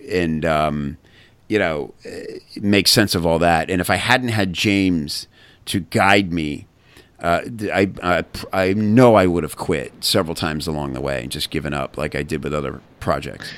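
Low-voiced man telling his story. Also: a bit bright. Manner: candid, halting, many restarts and fillers. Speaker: guest, copywriting community founder. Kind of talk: casual storytelling interview.

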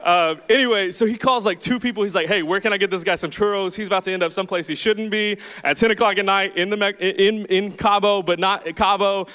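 A young man preaching to a congregation, telling a rambling, self-deprecating story in a chatty, animated way. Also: sits high, quick pace, few pauses, clear, resonant tone. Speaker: pastor. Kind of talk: sermon with storytelling. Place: church hall with audience. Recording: reverberant hall.

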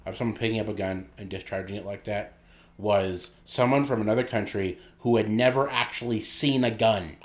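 A man's voice: fairly low pitch, moderate pace. A man co-hosting a podcast in casual, joking chat. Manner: joking, teasing. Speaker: podcast co-host.

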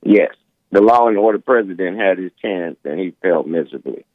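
A man's voice: low-pitched, animated, fairly quick, dry recording. A man from California calling into a talk show, arguing his point in a casual, blunt way. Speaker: caller. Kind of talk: call-in conversation. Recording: tinny phone line.

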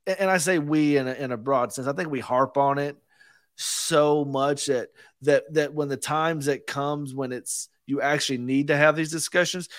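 A man co-hosting a relaxed podcast whose voice sits a little high for a man. He rambles through his stories, restarts his phrases and laughs often. The sound is dry and close. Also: moderate pace, no room sound. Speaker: podcast co-host. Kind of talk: casual chat.

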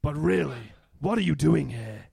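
A hot-headed duck detective bent on vengeance, as a man puts him on, blurting out exclamations. His voice is high and swoops around, heavily gravelly and husky. It is recorded dry and close. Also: lively intonation, normal speed, dark tone, no echo, full character voice. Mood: puzzled. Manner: outbursts, exclamations.

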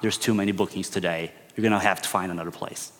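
A man's voice: low voice, fairly even intonation, fast talker, a bit bright, voice pushed down. A man playing a snooty, dismissive male restaurant waiter who answers with curt, sniffing replies. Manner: curt, sniffing "mm" before each reply. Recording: long hall reverb.

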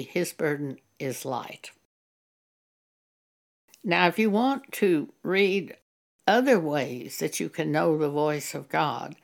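A woman preacher giving an earnest sermon, teaching slowly and reading scripture aloud. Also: on the low side, creaky. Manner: slow, deliberate, earnest teaching.

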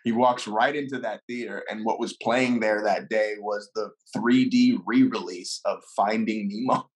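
A man's voice: fairly low pitch, measured pace. A man, a guest on a talk show, telling a casual story with lots of laughter, acting out what people said. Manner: animated, laughs often, acts out quotes.

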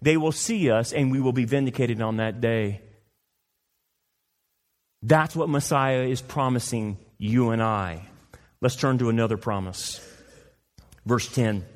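Emphatic preacher in a reverberant hall. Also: male voice, mid-range voice. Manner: emphatic, rhetorical questions, mocking quoted voices. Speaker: pastor. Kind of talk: sermon.

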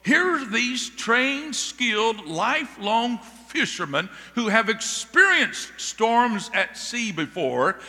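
Male pastor, high and bright, emphatic sermon delivery, big reverberant church. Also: very animated, slow, few pauses. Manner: emphatic preaching with calls of "Amen?" to the congregation. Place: church sanctuary. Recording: long reverb of a large hall.

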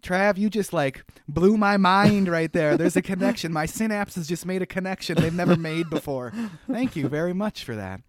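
A man co-hosting a podcast, recapping a cartoon in animated, rambling casual chat with lots of fillers. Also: high-pitched, moderate pace, no echo. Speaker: podcast co-host.

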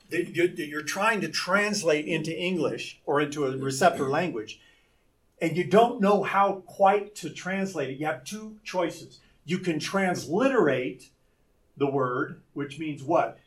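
Male Bible teacher, slow and deliberate, fairly high voice, asks questions to explain. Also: far from the mic. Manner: explains by posing rhetorical questions. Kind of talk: Bible lesson.

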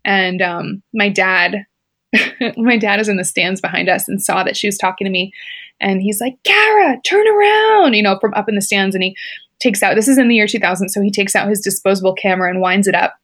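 A woman's mid-range, slightly bright voice moves fairly quickly with fairly even intonation. She's a former competitive swimmer chatting as an interview guest, telling a personal story with plenty of laughter and lots of "like" and "you know."

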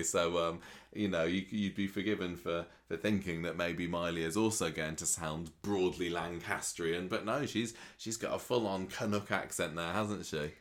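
A man's voice: sits low, a bit bright. A British man co-hosting a casual podcast chat, rambling and stopping to restart, laughing often. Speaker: podcast co-host.

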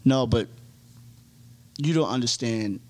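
A man co-hosting a podcast, telling stories in an animated way and swearing freely in casual chat. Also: medium pitch, slow pace. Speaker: podcast co-host.

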